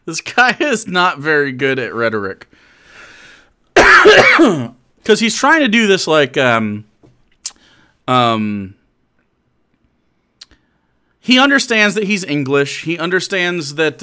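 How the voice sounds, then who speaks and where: A man's voice: fairly high pitch, wildly swooping pitch, slow pace, pauses often, sharp tone. A man streaming live and commenting casually, chatty and mocking, often laughing and restarting his sentences.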